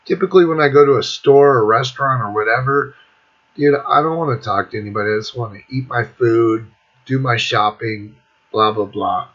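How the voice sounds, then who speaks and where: A man's voice: mid-range voice, normal speed, a bit bright. A middle-aged man on his own video channel, ranting casually with constant swearing and irritation. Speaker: music vlogger. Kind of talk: profane casual rant. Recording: dull lo-fi recording.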